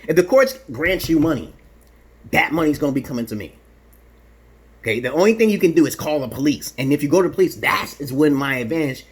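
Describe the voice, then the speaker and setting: A man's voice: a little high, animated, fast, breathy edge. A man from Brooklyn, New York, rambling through a casual vlog monologue in a boastful, provocative and profane way, tagging "okay?" onto his points. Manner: peppers talk with "okay?". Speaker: vlogger.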